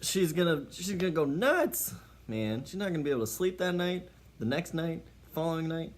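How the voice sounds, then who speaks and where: A man's voice: a little high, big pitch swings, brisk, a little hiss or hum. A man giving mock-serious dating advice in a playful comedy monologue.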